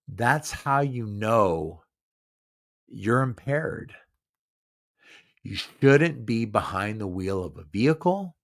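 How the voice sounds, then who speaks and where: Drunk man slurring slowly. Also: fairly low pitch, expressive. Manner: rambling, repeats words, stumbles over phrases. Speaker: podcast host. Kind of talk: casual live podcast talk.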